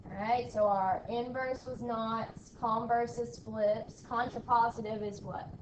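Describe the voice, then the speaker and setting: A woman teacher speaks slowly and deliberately, her fairly high voice reaching the mic from across an echoey classroom. She drills her class with call-and-response repetition and checks in with "okay?" again and again. Faint room noise sits under her voice. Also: steady tone, far from the mic, muffled recording. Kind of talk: classroom math lesson.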